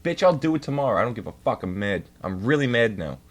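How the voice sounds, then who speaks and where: A young man rants during a casual livestream, swearing constantly and sounding exasperated. His voice swings widely in pitch, climbing high when he gets worked up. His talk is loose and off the cuff. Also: sing-song, quick pace. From New York. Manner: profane, exasperated ranting. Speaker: streamer.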